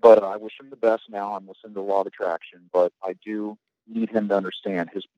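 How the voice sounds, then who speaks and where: A man's voice: lowish voice, little pitch movement, quick pace, no echo, dull audio. A man telling rambling, profane stories about his navy days in a casual podcast chat, often restarting his sentences. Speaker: guest, navy veteran.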